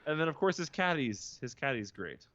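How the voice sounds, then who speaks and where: A man's voice: on the high side, big pitch swings, a bit bright, no room sound, dull audio. A man co-hosting a sports podcast, chatting easily and laughing along. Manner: easygoing, laughs along, quick asides. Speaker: podcast co-host. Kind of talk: casual sports chat.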